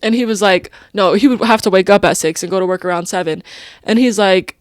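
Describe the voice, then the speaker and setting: A woman's voice: mid-range voice, brisk, no echo. Rambling young woman, dry close sound. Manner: rambling, stream-of-consciousness, heavy use of "like" and "you know"; emotional, openly personal. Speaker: podcast host. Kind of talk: casual confessional monologue.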